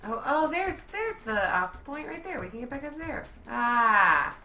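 A woman hosting a video game playthrough in casual chat, excitable and quick to exclaim. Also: high voice. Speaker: gamer host. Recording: echoey room with game music.

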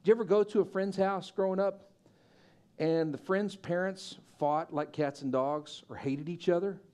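A man with a high, bright-toned voice preaches to his church. He tells stories with energy, acting out other people's lines and pushing to loud, excited peaks. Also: moderate pace, clean tone. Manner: animated storyteller, acting out quoted voices and building to loud peaks. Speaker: pastor. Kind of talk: sermon with storytelling.

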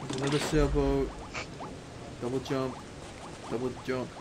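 A man's voice: mid-range voice, little pitch movement, measured pace, background noise. A man commenting casually on a video game as he plays, tossing out jokey asides. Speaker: let's play host.

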